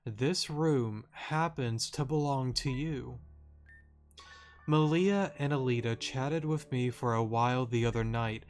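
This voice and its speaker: A man reading the lines of a kind, grieving mother from a video game in a slow, plain voice. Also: mid-range voice, soft background music, natural voice. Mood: gentle. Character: kind grieving mother, adult woman, gentle and earnest.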